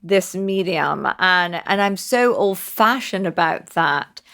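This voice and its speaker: Lower voiced woman investor, chatty, kinda rambly and self-deprecating. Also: animated, takes it slowly, creaky, fairly bright tone. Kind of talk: investor panel chat.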